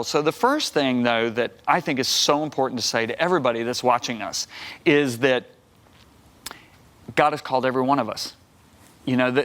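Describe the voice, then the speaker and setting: A man's voice: medium pitch, fairly bright tone, smooth. A man in his sixties, a guest minister on a TV talk show, telling his testimony with energy and acting out the voices of people he quotes. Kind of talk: animated storytelling testimony. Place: TV studio talk set.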